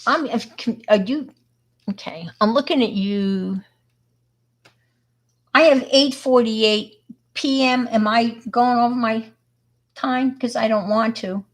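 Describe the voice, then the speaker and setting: A woman's voice: a little high, takes it slowly, long pauses. A woman from Long Island, New York, presenting an art live stream. She tells a story and demonstrates casually, rambling and speaking to viewers as she works. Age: older.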